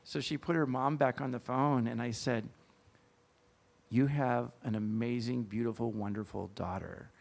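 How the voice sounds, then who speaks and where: Gravelly middle-aged man telling a story. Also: medium pitch, fairly even intonation, darkish tone. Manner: earnest, halting with fillers and restarts. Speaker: guest speaker. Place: church event.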